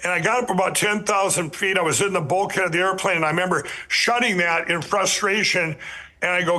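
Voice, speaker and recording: A man with a high, forceful voice tells his story as a guest on a talk show. He talks earnestly and rambles, stumbling over restarts and repeating himself as he drives each point home. He often turns to address his listeners directly. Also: a little fast. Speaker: podcast guest. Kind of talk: telling his life story in an interview.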